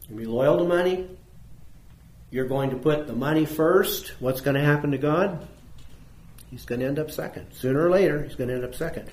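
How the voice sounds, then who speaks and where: A man's voice: fairly high pitch, a little mellow. A man teaching a conversational Bible lesson to an audience, asking questions and repeating points for emphasis. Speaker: preacher teaching a Bible class. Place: church room with audience. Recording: echoey room.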